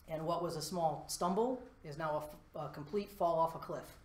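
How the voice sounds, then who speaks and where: A man giving a live conference talk, lively and self-deprecating, walking around the stage as he speaks. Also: a little high, a little fast, hardly any pauses. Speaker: conference presenter. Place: presentation room before a live audience. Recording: echoey presentation room.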